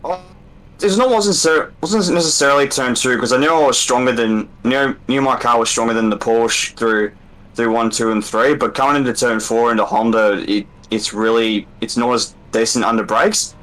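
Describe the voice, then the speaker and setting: A man, a sim racing driver giving a casual post-race interview, worn out and relaxed. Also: mid-range voice, normal speed, poor audio. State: sweaty and worn out.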